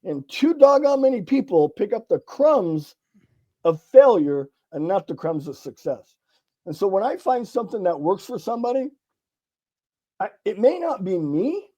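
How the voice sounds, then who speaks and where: A middle-aged man from California, a sales author and guest, telling lively stories in a casual interview and acting out the dialogue. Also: high-pitched, normal speed. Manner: animated storyteller acting out dialogue, casual swearing. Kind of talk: conversational interview storytelling.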